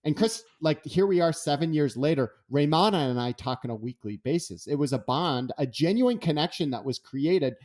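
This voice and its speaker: Speaking at a normal speed with barely any pauses, this man has a voice on the high side. He's a guest author in an interview, telling stories lively and performing the characters' lines.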